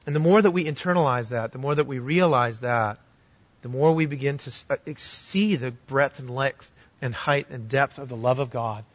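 A man preaching a sermon as pastor, telling a story earnestly and swinging from loud to hushed. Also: medium pitch, moderate pace, no echo, lo-fi sound.

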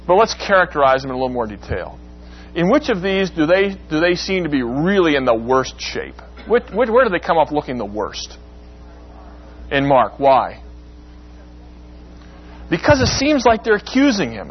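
A man leads an interactive Bible class lecture, putting questions to the class and acting out quoted lines dramatically with rising pitch. He sounds very animated, speaks at a moderate pace, and takes long pauses. The recording is dull and lo-fi, with a faint hum.

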